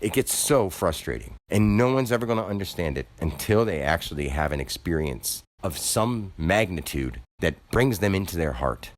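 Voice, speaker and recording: Agitated low-voiced man ranting. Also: animated, normal speed, few pauses. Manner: agitated, preachy, voice rising when worked up. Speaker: store clerk. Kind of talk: ranting monologue to camera.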